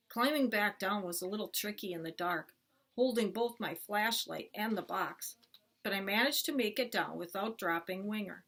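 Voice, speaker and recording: A woman teacher reading a chapter book aloud to children, clear and expressive. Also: mid-range voice.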